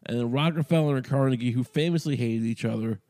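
A New York man hosts a podcast in a fast, mellow, mid-range voice. His casual monologue is a rambling, profane, sardonic rant full of restarts.

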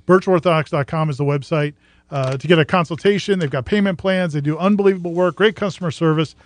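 A man co-hosting a casual sports talk show, talking rapidly and energetically, also reading a sponsor plug. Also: on the high side. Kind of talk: casual sports chat with ad reads.

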